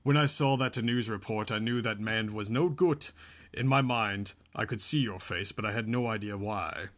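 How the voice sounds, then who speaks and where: A man reading the part of a young Amish man who has lost his memory, speaking hesitantly and low. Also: moderate pace, a bit bright, close to an everyday voice. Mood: troubled.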